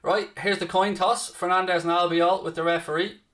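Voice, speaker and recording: Here the young man running the football watchalong sounds high and a bit bright, keeping a steady tone at a slightly quick pace. He chats casually through the live stream and replies to viewers by name.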